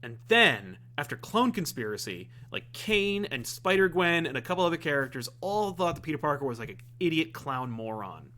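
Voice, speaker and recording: A man's voice: fairly high pitch, sing-song, normal speed, few pauses, sharp tone. Rambling man chatting about comics. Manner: rambling, many fillers and restarts. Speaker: comic review podcast co-host. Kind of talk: casual chat.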